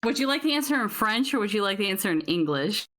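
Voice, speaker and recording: Female contestant, playful, laughs easily, average pitch. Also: very animated, fast talker, a loud crowd. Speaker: game show contestant. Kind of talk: casual live-stream chat.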